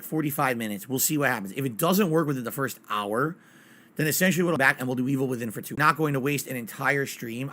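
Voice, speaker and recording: A man's voice: mid-range voice, sharp tone. A man streaming games live, chatting casually and ranting bluntly with plenty of swearing. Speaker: game streamer.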